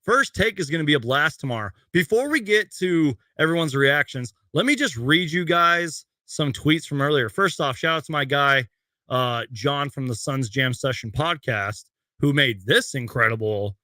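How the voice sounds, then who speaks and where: Young man, choked up, bright voice, dry close webcam sound, halting fan rant. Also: mid-range voice, expressive, no room sound. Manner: emotional, halting, reads tweets aloud. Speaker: host. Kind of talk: post-game fan rant. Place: bedroom at home.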